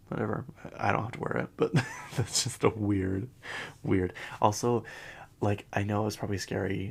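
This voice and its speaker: A man hosting a casual pop-culture commentary podcast, chatty and full of fillers, often dropping into hushed asides. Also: fairly low pitch, creaky, husky. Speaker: podcast host.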